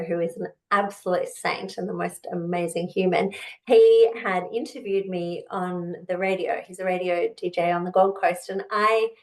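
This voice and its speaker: A woman telling her own story as a podcast guest, heartfelt and rambling, getting choked up at times. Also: fairly low pitch. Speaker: guest, author and entrepreneur. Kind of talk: emotional personal storytelling.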